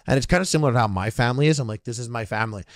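A man's voice: mid-range voice, racing, dry recording, clean studio sound. A man guesting on a podcast, telling stories in casual chat, swearing freely and acting out the people he quotes. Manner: profane, animated storytelling with acted-out quotes.

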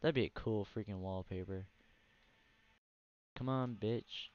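A man's voice: fairly low pitch, unhurried, a little mellow. A tired man ranting profanely and bluntly while commenting on his own console gameplay. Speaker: gaming channel host. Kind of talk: casual let's play commentary. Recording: dry, dull lo-fi mic.

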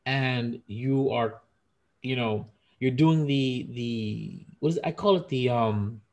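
A man's voice: mid-range voice, takes it slowly, creaky, a little mellow. A man co-hosting a podcast, rambling and teasing his friends in casual chat. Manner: teasing, rambling, searches for words. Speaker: podcast co-host.

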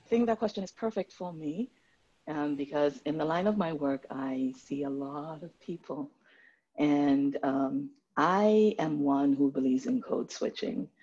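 A woman of Nigerian background speaking as a doctor on an online panel, animated and fond of slipping into put-on accents. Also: sits low, a little slow, husky. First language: Nigerian English background. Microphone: video call. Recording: muffled video call audio.

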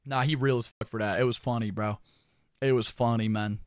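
A young man streamer telling a funny story to his chat in a casual, animated, profane way, often laughing. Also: medium pitch, brisk, smooth, no echo, studio quality.

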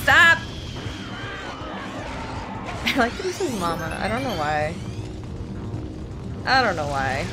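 A woman's voice: lowish voice, slow, pauses often. An Australian woman streaming a platform game, chatting casually, yelping and laughing as she plays. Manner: excitable, yelps and laughs at the game. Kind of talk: live game-stream chat. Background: game music.

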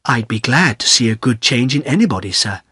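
A man's voice: mid-range voice, lively intonation, fairly quick, pushed and bright, husky, dry recording, studio quality, full character voice. A man voicing a proper, reserved young woman who speaks coolly and firmly, in a storybook reading. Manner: cool, clipped.

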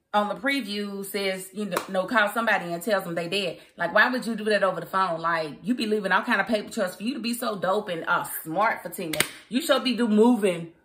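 A woman giving a casual, opinionated spoken review of a TV episode, chatty and quick to laugh. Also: mid-range voice, a bit bright, slight background noise. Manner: chatty and opinionated, laughs often, mimics characters. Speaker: TV show reviewer.

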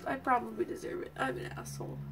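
A young woman with a high voice and a gravelly, fry-laced edge, doing let's play commentary. She coos at her companion creature and swears freely. Game music plays clearly behind her. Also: level tone, fast talker. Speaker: gamer.

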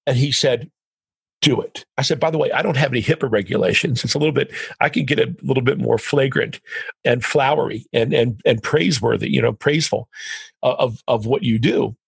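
A man's voice: medium pitch, fairly quick, creaky, husky, no echo. A middle-aged man, a podcast guest, telling a story in conversation, acting out the lines of others as he goes. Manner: animated, quotes others in dialogue.

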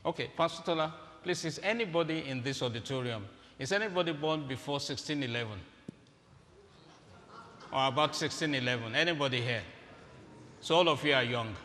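A man's voice: medium pitch, a little fast, sharp tone, a little hiss or hum. A man giving a humorous, interactive sermon, directing volunteers on stage in a large auditorium. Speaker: guest preacher. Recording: echoey hall with faint ambience.

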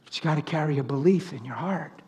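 A man preaching a sermon full of stories, animated, swinging from loud laughter to near whispers. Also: a little high, fast talker, long reverb tail. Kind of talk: sermon with storytelling.

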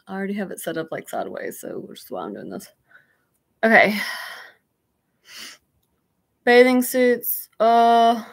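A young woman hosts a fashion livestream, her voice on the high side and gravelly, with poor audio. Out of breath, she chats casually and somewhat scattered, talking to her viewers while hunting for things.

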